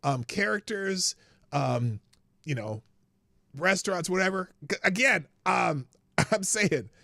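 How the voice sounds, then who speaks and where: High lively gravelly-voiced man host. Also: slow, no echo, studio quality. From United States. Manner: rambling, laughs often, many restarts. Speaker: livestream show host. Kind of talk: casual live-stream commentary.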